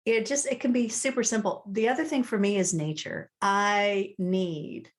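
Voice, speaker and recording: A woman's voice: mid-range voice, fairly even intonation, normal speed. A woman from the United States, a personal style coach, chatting reflectively in an interview over a video call. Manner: warm, reflective, quotes her own thoughts aloud. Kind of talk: relaxed interview chat.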